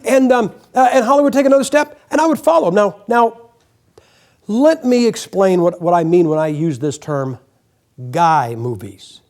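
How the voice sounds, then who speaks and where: A man's voice: high voice, moderate pace, a little mellow. An older man preaching a folksy, joking sermon in a church, acting out quotes as he goes. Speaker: guest preacher. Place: church sanctuary.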